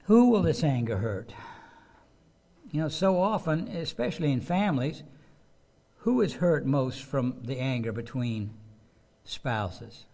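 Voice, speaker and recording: A man's voice: medium pitch, vocal fry, warm tone. A man preaching a sermon in a conversational way, often repeating words and asking his listeners questions. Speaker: pastor. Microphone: microphone with a loose connection.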